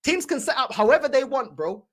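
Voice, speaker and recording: A woman's voice: high voice, animated, fairly bright tone. A woman, teasing and mocking her opponent in a heated fan debate, full of slang. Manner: mocking, teasing, rapid-fire banter with slang.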